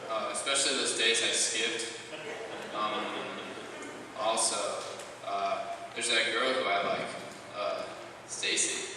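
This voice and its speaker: An awkward slacker teen , played by a man, mumbles his wishes in a fairly low voice, with plenty of ums and likes. He is heard from a distance in a long, echoing church hall. Noise can be heard behind him. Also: steady tone, slow, pauses often. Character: slacker teen boy, awkward and self-serving. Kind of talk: church youth skit. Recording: echoey church hall, distant mic, noisy.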